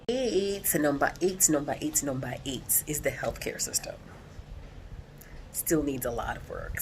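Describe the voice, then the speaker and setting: A woman's voice: sits low, a little hiss or hum. A woman with an American accent, talking in a casual vlog, voicing emphatic and outspoken complaints. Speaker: vlogger.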